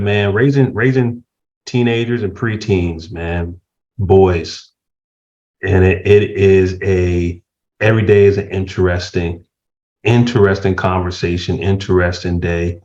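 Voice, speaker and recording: Animated man with dull lo-fi sound. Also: low voice, slow pace. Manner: animated storyteller, laughs while telling stories. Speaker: podcast guest. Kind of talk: casual chat.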